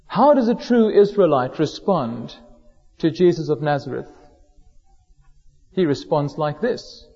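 A man preaches a sermon in a church hall, his mellow voice trailing off into a long reverb. The recording is dull and lo-fi. He talks in a measured way, slowing down to stress key words. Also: a little high, animated, vocal fry, husky. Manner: measured, slows down for emphasis on quoted words.

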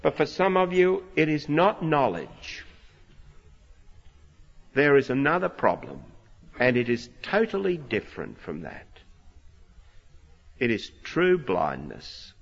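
A man's voice: mid-range voice, wildly swooping pitch, slow pace, gravelly, long pauses, slightly rough. A man with an Australian accent preaching a sermon, retelling a story with dramatic, voiced quotes. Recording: lo-fi reverberant hall recording.

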